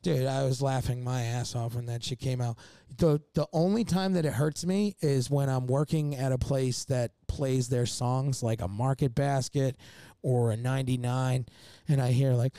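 A man's voice: medium pitch, moderate pace, dark tone, clean tone, no room sound, clean studio sound. A man telling a long, rambling story as a podcast guest, swearing often and laughing mid-sentence. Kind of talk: casual storytelling chat.

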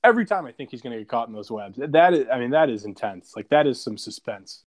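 A man in his twenties on a casual podcast, telling a story in an animated, profane, dramatic way. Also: medium pitch, quick pace. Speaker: podcast co-host.

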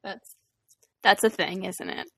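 A woman's voice: medium pitch, takes it slowly, creaky, bright, forceful tone, breathy edge, dry recording, clean studio sound. A young woman co-hosting a podcast in casual, giggly chat. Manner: giggly, loose and chatty. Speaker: podcast co-host.

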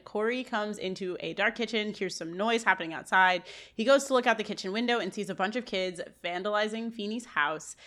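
A woman's voice: mid-range voice, bright, forceful tone. A woman co-hosting a podcast, recapping an episode scene by scene and reacting emotionally with many restarts. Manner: emotional, gushing, trailing restarts. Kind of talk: casual chat and scene recap.

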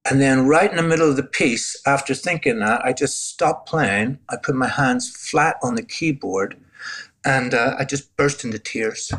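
A man's voice: medium pitch, moderate pace, fairly bright tone. An older man with a Northern Irish accent, telling his personal testimony in an earnest, reflective way as an interview guest. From Northern Ireland. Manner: earnest, reflective storytelling with frequent restarts.

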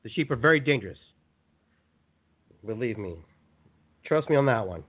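A man hosting a motivational spiritual talk show, speaking in an animated, conversational way and repeating phrases for emphasis. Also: mid-range voice, moderate pace, breathy edge. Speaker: radio show host. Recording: tinny phone-line sound.

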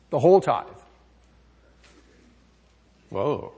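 A man's voice: on the high side, big pitch swings, slow, pauses often, husky. A male pastor preaching an emphatic sermon in a church, putting questions to the congregation. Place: church sanctuary. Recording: long hall reverb.

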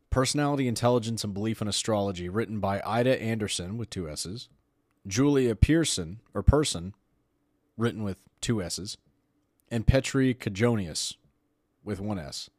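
A man's voice: lowish voice, moderate pace, no echo, clean studio sound. Sarcastic man hosting a podcast. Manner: sarcastic, opinionated, laughs while reading aloud. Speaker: podcast host. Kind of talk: casual podcast commentary.

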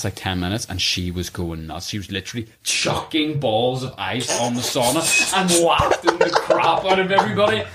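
A man hosting a podcast, chatting casually and telling lively stories with frequent laughter, recorded in a sauna. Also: fairly low pitch. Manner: animated storyteller, laughs often. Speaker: podcast host. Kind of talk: casual chat. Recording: echoey sauna room.

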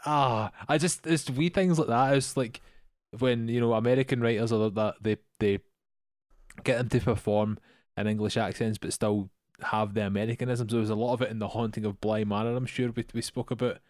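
A man's voice: mid-range voice, fairly even intonation, a little mellow, no room sound. Critical Scottish man, dry close sound. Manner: critical, measured film opinions. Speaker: podcast co-host. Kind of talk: casual film chat.

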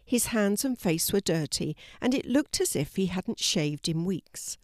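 An older woman narrating a children's story in a slow, gentle storybook manner. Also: medium pitch, animated, no echo, studio quality.

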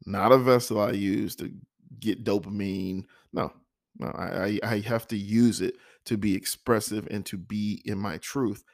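A man with a low, gravelly voice talks through his own thoughts in an earnest, self-reflective monologue. He circles back and repeats himself for emphasis, and a frog in his throat keeps catching his words. The sound is close and dry, with no room around it. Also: fairly even intonation, measured pace, dry recording. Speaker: vlogger.

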